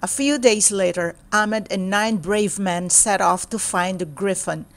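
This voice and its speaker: A woman reading a children's storybook aloud in a steady, clear storytelling manner. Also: mid-range voice, unhurried. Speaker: storybook reader.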